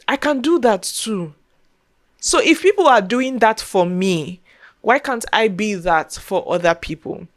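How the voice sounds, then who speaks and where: A woman's voice: medium pitch, animated, measured pace. A young woman talking earnestly to camera as a content creator, repeating herself as she speaks from the heart. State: getting emotional, near tears. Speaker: content creator and podcast host. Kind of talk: casual talk to camera.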